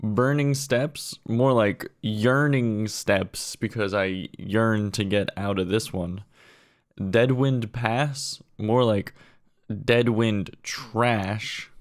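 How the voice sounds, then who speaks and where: Brief: man, deadpan pun roasts, low voice, unhurried delivery. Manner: deadpan, drops lower and quieter for each punchline. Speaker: comedian. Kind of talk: comedy monologue of pun-filled roasts.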